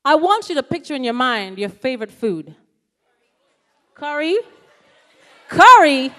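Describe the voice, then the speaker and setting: Woman motivational speaker, high voice, animated, calls out to the crowd. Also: normal speed. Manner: animated, asks the audience questions, calls out "yes, yes?". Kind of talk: lively motivational talk to a youth audience. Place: ceremony hall.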